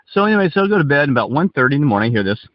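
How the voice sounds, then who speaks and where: A man co-hosting a podcast, telling a story in a rambling, excitable way, cussing and talking over his partner. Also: fairly high pitch, very fast, background noise. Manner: rambling, excitable, cusses, keeps interrupting. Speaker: podcast co-host. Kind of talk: casual storytelling chat. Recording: dull lo-fi dry recording.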